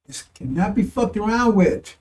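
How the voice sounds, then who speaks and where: A man's voice: high-pitched, expressive, normal speed, darkish tone. A man preaching informally, rambling and repetitive, using coarse language and laughing as he talks. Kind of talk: informal sermon.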